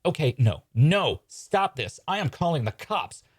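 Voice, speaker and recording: A man's voice: mid-range voice, expressive, fairly quick, a little mellow, voice pushed up, natural voice. A man voicing a flustered middle-aged father who pleads anxiously.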